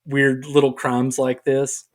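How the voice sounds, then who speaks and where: A man's voice: medium pitch, completely flat delivery, slow pace. A middle-aged man co-hosting a podcast in casual chat, rambling and self-deprecating, with frequent stammers and restarts. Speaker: podcast co-host.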